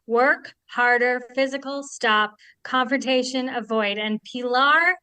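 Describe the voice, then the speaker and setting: A woman reads out participant shares on a live podcast, with short affirming asides after each one. Her voice is high and crisp. The sound is very dry and close. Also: slow pace, dry recording. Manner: reads each share aloud, then adds short warm comments. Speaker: co-host reading out participant shares.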